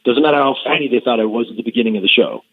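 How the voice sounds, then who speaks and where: A middle-aged man as a podcast guest, telling stories in an animated way with hesitant restarts. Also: mid-range voice, very fast, breathy edge, no room sound. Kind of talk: casual storytelling in an interview. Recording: thin phone-like call line.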